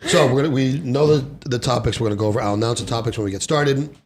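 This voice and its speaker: Guy hosting a podcast, rough voice, jokey and brash, swears a lot, a bit of background noise. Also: mid-range voice, fast. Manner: joking, brash, swears often. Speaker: podcast host. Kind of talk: casual podcast chat.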